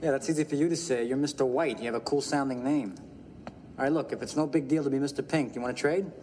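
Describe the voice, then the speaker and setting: An actor playing a petty crook who complains and argues, in a film clip. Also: male voice, medium pitch, quick pace, darkish tone, a little hiss or hum, natural voice. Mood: whiny. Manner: whiny, argumentative. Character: petty complaining crook arguing over names. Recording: film clip with reverb and ambience.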